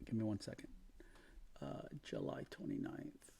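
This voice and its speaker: A man's voice: mid-range voice, a little slow, creaky, mellow, slightly rough. A brash, profane man giving casual market commentary as a crypto trading vlogger, thinking aloud while checking charts.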